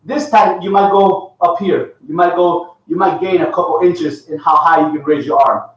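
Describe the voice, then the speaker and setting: A fitness coach leading a live workout, counting reps aloud and giving upbeat cues. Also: male voice, a little high, fairly even intonation, normal speed. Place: home workout space with a dog. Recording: echoey room, far from the mic.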